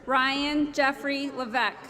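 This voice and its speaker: Woman with a high voice calling grad names real slow, big echoey hall, crowd noise all around. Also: steady tone. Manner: slow, measured name-by-name announcing. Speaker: commencement name reader. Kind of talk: reading graduates' names at a ceremony. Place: large ceremony hall.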